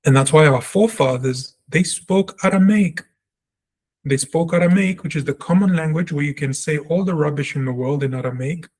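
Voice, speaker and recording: A man giving a spoken language lesson, talking earnestly and reflectively, and repeating sounds slowly to show how they are said. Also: a little high, a little mellow. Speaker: Hebrew teacher.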